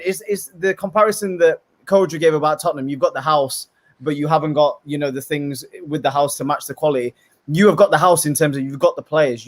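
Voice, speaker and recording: A man's voice: on the high side, dry recording. Opinionated man, dry sound. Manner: animated, opinionated, repeats words when starting. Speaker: podcast guest, rival football fan. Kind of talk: casual chat, football debate.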